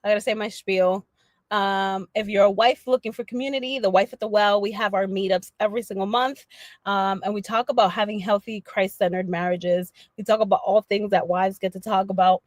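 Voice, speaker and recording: A woman chatting casually on a livestream, animated and slangy, laughing often as she talks to her viewers. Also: mid-range voice, a little fast, no echo. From Dominican family background. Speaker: livestream host.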